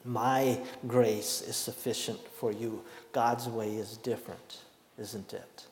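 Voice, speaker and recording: Slow, emphatic preacher in an echoey hall. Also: male voice, mid-range voice, fairly even intonation, slight background noise. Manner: emphatic, with slow deliberate stresses and dramatic pauses. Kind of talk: sermon. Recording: echoey hall with long reverb.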